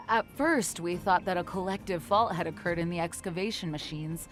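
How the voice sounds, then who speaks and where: A woman's voice: lowish voice, normal speed, soft background music, close to an everyday voice. A woman voicing a shaken young woman miner. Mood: flustered. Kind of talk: video game voice acting.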